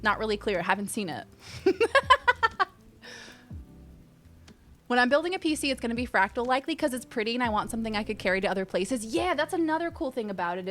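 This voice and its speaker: A woman's voice: mid-range voice, fairly bright tone. Chatty young woman streamer. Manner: chatty, reads and answers chat, bursts into squeals. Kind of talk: casual live-stream chat.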